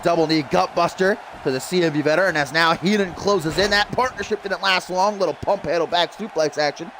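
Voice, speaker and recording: A man doing excitable play-by-play for a wrestling video game stream, laughing at the action and reading viewer tweets. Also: high-pitched, a little fast, slight background noise.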